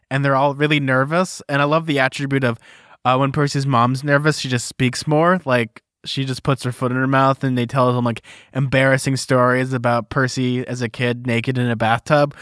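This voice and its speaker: A man co-hosting a casual book podcast, talking in an animated, jokey way. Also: medium pitch, clean tone, dry recording, studio quality. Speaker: podcast co-host.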